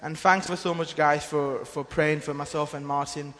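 Male, earnest testimony-teller, loose rambling delivery, a bit high-pitched, echoing church hall. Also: steady tone, normal speed, fairly bright tone. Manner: earnest, rambling storytelling with many restarts. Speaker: mission team member giving testimony. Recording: long hall reverb.

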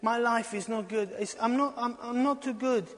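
A man voicing an ailing old man, ashamed and pleading, who stammers that his life has been too bad for church. The voice sits high for a man and rings out in a long reverb. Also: fairly even intonation, moderate pace, a bit bright. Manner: pleading and self-deprecating.

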